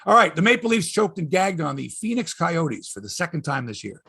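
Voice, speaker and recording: A man's voice: on the high side, very animated, a little fast, gravelly, sharp tone, husky. A middle-aged Canadian man hosting a sports podcast, chatting casually in a rambling, profane, wry way. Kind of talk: casual chat.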